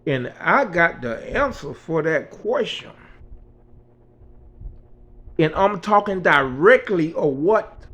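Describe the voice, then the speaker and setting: A man's voice: fairly high pitch, very animated, takes it slowly, pauses often, a bit bright, muffled recording. A man in his sixties, an author, telling a spiritual story in an earnest, conversational way. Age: 60s.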